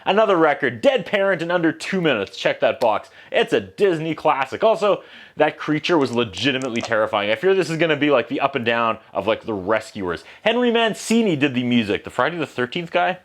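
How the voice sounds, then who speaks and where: A man's voice: mid-range voice, big pitch swings, brisk. A man giving a casual, comedic movie review from home, full of sarcastic, wry asides.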